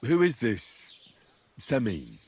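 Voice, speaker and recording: An actor voicing a plainspoken young hero with an easygoing, agreeable manner. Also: male voice, mid-range voice, wildly swooping pitch, takes it slowly, a little mellow, husky, exaggerated voice. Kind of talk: video game voice acting.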